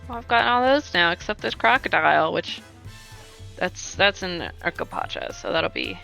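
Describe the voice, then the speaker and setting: Bright, playful woman streaming a game. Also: on the low side, creaky, soft background music. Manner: playful, chatty, quick bursts of excitement. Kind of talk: casual gameplay commentary, reading game dialogue aloud.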